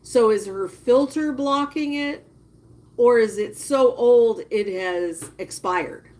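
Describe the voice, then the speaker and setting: A woman giving casual live-stream commentary, chatting with viewers and reacting with drawn-out disgust. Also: a little high, darkish tone. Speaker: livestreamer.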